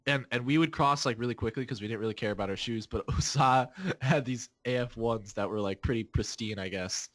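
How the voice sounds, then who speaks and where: A man's voice: mid-range voice, brisk, few pauses, fairly bright tone. A man in his twenties, a podcast host, telling a rambling story in casual chat, laughing often and restarting his sentences.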